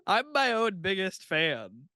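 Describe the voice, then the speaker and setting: Giggly, bright-voiced male comedian. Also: high-pitched, wildly swooping pitch, slow, no room sound, clean studio sound. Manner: giggly, laughs often mid-sentence. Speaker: comedian and podcast co-host. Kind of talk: casual chat.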